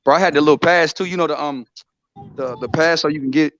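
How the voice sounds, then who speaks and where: A man's voice: on the high side, fast, fairly bright tone. An American man, telling laid-back stories in casual chat. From United States. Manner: laid-back storytelling, says bro a lot. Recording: dry, dull sound.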